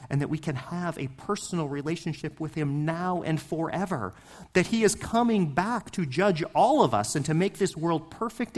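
A male pastor preaching with a lively voice that swings up and down. He talks to the congregation conversationally, putting questions to them and pressing his points with passion. His voice sits a little high for a man. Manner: passionate, rising and falling emphasis; conversational, asks the listeners questions. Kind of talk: sermon.

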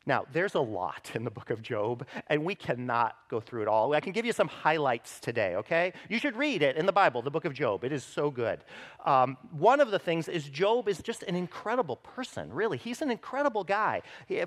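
A man preaching a sermon as pastor, emphatic, lifting his voice when he reads the scripture aloud and checking in with listeners. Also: a bit bright. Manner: emphatic, rises in pitch and volume when voicing scripture; speaks directly to the congregation with frequent "right?".

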